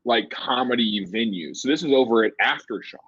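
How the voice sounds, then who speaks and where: A man's voice: mid-range voice, lively intonation, fairly quick, a bit bright, slightly rough. A man and comedian, rambling through a story in casual podcast chat, full of "like" and "you know". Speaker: comedian guest. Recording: dull lo-fi stream audio.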